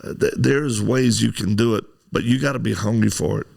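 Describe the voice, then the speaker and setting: A man hosts a casual chat in a very gravelly, somewhat low voice. He wanders from point to point and offers encouragement, with plenty of "uh" and "you know" along the way. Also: fairly quick, darkish tone. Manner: rambling, encouraging, many fillers. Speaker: host.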